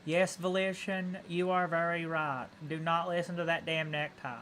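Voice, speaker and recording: A goofy male streamer talking over his game in a slightly high voice, rambling and tripping over words as he chuckles at his own play. A faint hiss runs underneath. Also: flat delivery, normal speed, a bit bright. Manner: goofy, rambling, laughs at himself. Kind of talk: casual let's-play commentary.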